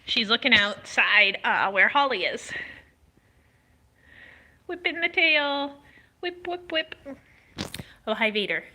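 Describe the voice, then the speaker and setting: A woman filming her foster cats at home and in the yard, chatting to them in cooing baby talk and to her viewers in a relaxed way. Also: a little high, a little slow, pauses often. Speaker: cat foster streamer. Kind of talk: casual talk to pets on camera. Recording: faint wind and outdoor noise.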